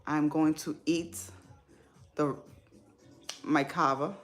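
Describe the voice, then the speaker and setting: Woman, live stream host, chatty and heartfelt, slightly low voice, talks informally to viewers. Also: fairly even intonation, slow, faint music behind. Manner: warm, emotional, chatty, informal speech. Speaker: livestream host. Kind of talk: casual live chat with viewers.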